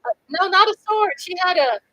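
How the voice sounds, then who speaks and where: A middle-aged woman hosting a casual livestream, talking in a lively, chatty way and swinging from loud cheering to low asides. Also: brisk, poor audio. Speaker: livestream host.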